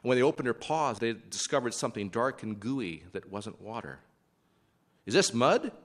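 A man with a fairly low voice narrating an animal tale. He tells it warmly paced, slipping in wry, joking asides to the listener. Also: a little fast. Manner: wry asides, playful humor. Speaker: storyteller. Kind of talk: storytelling narration.

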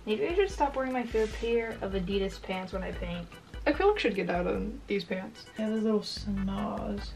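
A woman's voice: medium pitch, lively intonation, normal speed, vocal fry, darkish tone, far from the mic, rough recording. Young female YouTuber, rambling self-mocking chatter, faint music underneath. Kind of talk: casual chat while painting.

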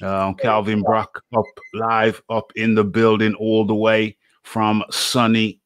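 Slow, dry-voiced man hosting a boxing show. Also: fairly low pitch, monotone, fairly bright tone, clean tone, no room sound. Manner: chatty, repeats phrases, narrates his setup. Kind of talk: live online interview show.

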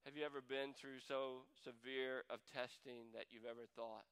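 A man preaching a sermon as pastor, swinging between hushed, heavy lines and loud pleading, and reading scripture aloud. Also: medium pitch, level tone, moderate pace, smooth, poor audio. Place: church sanctuary.

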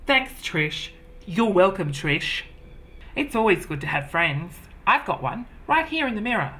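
A man's voice: high voice, very animated, measured pace, bright, forceful tone, heavily acted. A man playing a vain, self-obsessed woman who gushes over her own mirror image in a comedy sketch. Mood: gushing. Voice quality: wig-wearing drag persona, chatty and gushing. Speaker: comedy character host.

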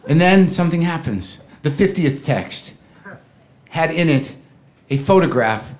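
A man's voice: on the high side, animated, unhurried. A middle-aged man doing a stand-up comedy set on a club stage, telling a rambling, neurotic story and acting out the quotes.

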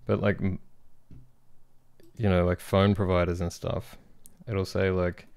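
Young guy streaming from his workbench, ranting and joking with chat, low gravelly voice but clear. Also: little pitch movement, measured pace, darkish tone. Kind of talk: casual live-stream chat while building.

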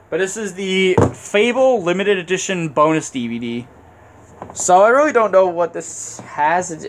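A man's voice: on the high side, slight background noise. A man hosting a casual game haul vlog, rambling and unsure, with lots of fillers and little chuckles. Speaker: video host.

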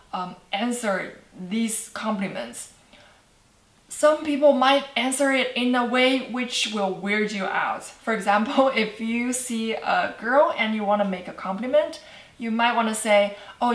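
Slow-talking Chinese-accented woman teacher. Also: on the high side, a bit bright, roomy sound. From China. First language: Mandarin Chinese. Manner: cheerful, laughs often, repeats words slowly for practice. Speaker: language teacher. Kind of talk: online language lesson.

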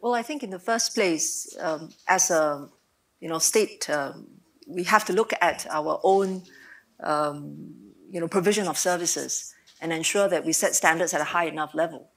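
A woman minister speaks on a panel, answering in a careful, measured way. She pauses often with fillers, and her voice sits slightly low for a woman.

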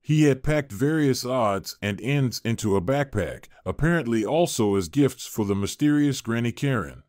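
A man narrating a fairy-tale story in a measured, expressive way. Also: mid-range voice, dry recording, studio quality.

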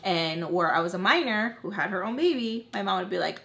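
A woman's voice: mid-range voice, animated, a little fast, vocal fry, pushed and bright. A woman in her twenties telling a candid storytime, rambling with lots of fillers and swearing. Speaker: vlogger. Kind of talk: casual storytime vlog.

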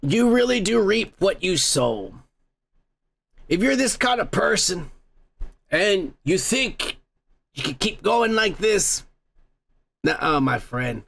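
Brief: tipsy male podcast host, profane rambling rant, gravelly voice, slow delivery. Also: high-pitched, very animated, a bit bright. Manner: laughs often, swears, rambling. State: tipsy from beer.

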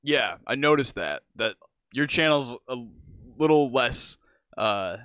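A man's voice: medium pitch, animated, slow, fairly bright tone, clean tone, dry recording. A man hosting a casual podcast interview, asking easygoing questions and laughing often. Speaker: podcast host.

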